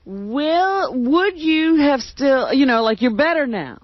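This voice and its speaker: A woman's voice: high voice, big pitch swings, takes it slowly, no echo. A woman co-hosting a radio show who laughs a lot and asks probing questions. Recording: dry lo-fi radio broadcast.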